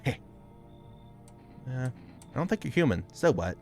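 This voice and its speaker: A man's voice: medium pitch, big pitch swings, a little slow, a little mellow, faint music behind. A man voicing an odd, cryptic ballet dancer who talks in broken, terse phrases.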